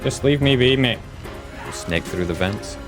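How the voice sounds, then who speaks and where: A man's voice: mid-range voice, lively intonation, normal speed, over music. A Scottish man commenting on a horror game playthrough with sweary, joking reactions. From Scotland. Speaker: gaming YouTuber.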